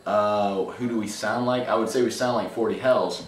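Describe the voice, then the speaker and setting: A man's voice: fairly low pitch, fairly even intonation, moderate pace. A man who plays guitar and sings, talking casually in a band interview and filling his answers with "you know". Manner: laid-back, lots of "you know". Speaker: guitarist and vocalist. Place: music venue. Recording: echoey room from far off, with ambient noise.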